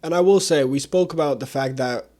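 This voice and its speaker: A young man with a somewhat higher-pitched voice hosts a podcast conversation. He talks casually and candidly, with loose slang. His delivery is informal and personal. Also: fairly quick, a little mellow. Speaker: podcast host.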